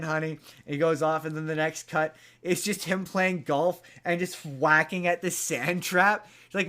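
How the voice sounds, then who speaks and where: A man's voice: on the high side, normal speed, hardly any pauses, bright, forceful tone. A man hosting a podcast, casually retelling a movie plot in a rambling way, with lots of fillers and restarts. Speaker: podcast host.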